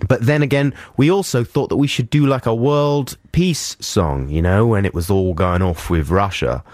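A man's voice: lowish voice, darkish tone, dry recording. A man co-hosting a radio show with a cold, rambling and joking through on-air banter in a studio. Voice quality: rambling, self-interrupting, quick to joke. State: has a cold.

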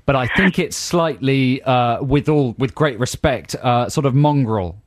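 A man's voice: medium pitch, measured pace. A man co-hosting a radio show, bantering dryly and teasing callers. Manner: dry, joking, teasing. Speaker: radio co-host.

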